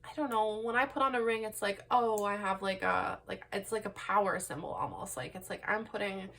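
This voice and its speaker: A young woman doing a casual pick-a-card tarot reading, rambling and excitable with many "like"s and "um"s. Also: mid-range voice, brisk, gravelly. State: laugh-crying. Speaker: tarot reader.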